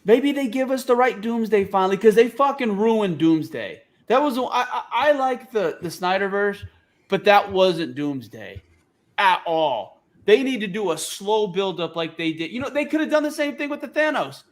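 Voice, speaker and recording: A man with a notably high voice riffs through casual podcast banter. He is opinionated, profane and animated, and he jumps from one take to the next. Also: normal speed. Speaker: podcast co-host. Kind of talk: casual chat.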